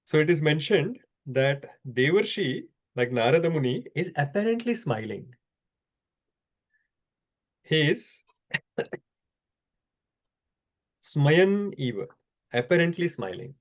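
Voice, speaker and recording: Man teaching scripture, measured. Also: a little high, sing-song, muffled recording. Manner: measured, explanatory, frequent "uh" pauses. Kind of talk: scripture class over a video call.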